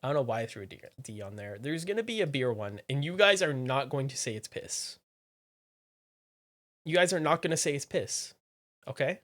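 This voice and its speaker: A streamer chatting live with viewers in a playful, teasing way. The voice sits in a middle range and keeps swinging from low mumbled asides to sudden loud exclamations. Phrases get repeated as quick remarks to chat. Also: animated. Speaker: livestreamer.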